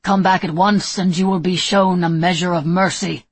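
Woman narrator doing a stern bellowing man, commanding, breathy low voice. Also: steady tone, normal speed, no echo.

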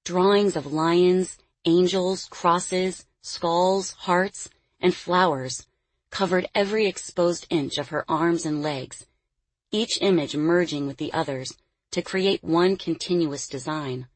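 A woman narrating an audiobook in a measured, expressive storytelling manner. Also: lowish voice, no room sound. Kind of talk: scripted narration.

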